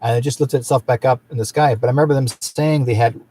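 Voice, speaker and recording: A male host chats casually with his guest. He rambles, restarting phrases and filling pauses, at a mid pitch. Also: fairly even intonation, mellow. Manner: rambling, frequent restarts and fillers. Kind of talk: casual interview chat.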